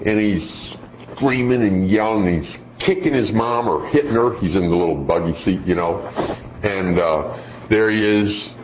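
A middle-aged man preaching a sermon, telling stories and acting out voices in an animated way. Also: on the low side, normal speed. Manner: animated storytelling with acted-out voices. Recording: dull roomy hall sound, faint noise.

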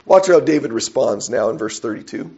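A man's voice: mid-range voice, lively intonation, fairly quick, darkish tone. A man preaching a sermon, reading scripture aloud and putting questions to his listeners. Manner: asks the audience questions and reads scripture aloud. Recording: dull lo-fi recording.

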